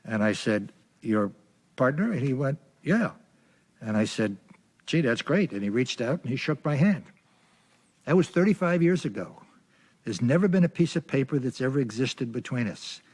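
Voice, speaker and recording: A man's voice: mid-range voice, animated, moderate pace, darkish tone. An older man in a documentary interview, recalling a partnership in a plain, reflective way. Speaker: interviewee recalling his career.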